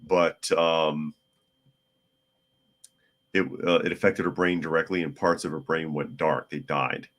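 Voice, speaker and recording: A hoarse man hosting a casual news talk podcast, chatty with wry asides. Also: very deep voice, fairly even intonation, unhurried, pauses often, a bit bright. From United States. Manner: chatty, wry asides, talks to his cat. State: hoarse from a cold. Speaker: podcast host.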